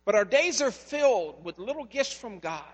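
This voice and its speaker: Delivering a sermon at a normal speed, a male pastor with a notably high voice tells stories in a lively, conversational way. Each phrase rings out through a long-echoing hall that sounds like a church sanctuary.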